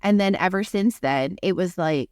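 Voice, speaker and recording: A woman's voice: on the low side, moderate pace, darkish tone, smooth, no echo, studio quality. A young adult woman, a podcast co-host, telling a story in casual chat and filling it with lots of "like". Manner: rambling, heavy use of "like" fillers.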